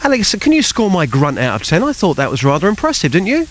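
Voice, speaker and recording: Male co-presenter, self-mocking sidekick energy, animated pitch. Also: quick pace, slight background noise. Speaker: radio co-presenter. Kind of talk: casual radio chat. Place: radio studio.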